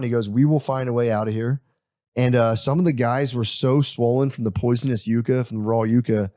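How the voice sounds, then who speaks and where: A man's voice: medium pitch, a little mellow, dry recording, clean studio sound. A young man hosting a podcast, casually retelling a history story with crude humor and voiced quotes.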